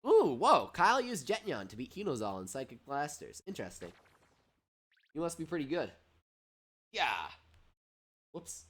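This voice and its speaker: Animated man streaming a mobile game. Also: on the high side, moderate pace, pauses often, breathy edge. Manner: excitable, animated and chatty, often breaking into laughter. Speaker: streamer and host. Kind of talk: live gameplay commentary reading chat.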